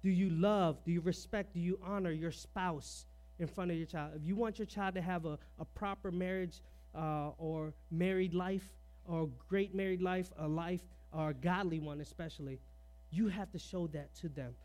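A man's voice: high voice, fairly even intonation, normal speed, darkish tone. A man preaching a sermon on parenting, firing off rhetorical questions, dropping "all right" between points, and sharing personal stories in an earnest, conversational way.

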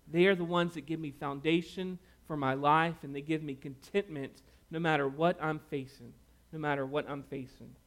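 A man preaching a conversational sermon, telling folksy stories and dropping to a quiet, earnest tone to pray. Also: a little high, steady tone, moderate pace, hardly any pauses. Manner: folksy storytelling, drops to a hush for prayer. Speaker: pastor.

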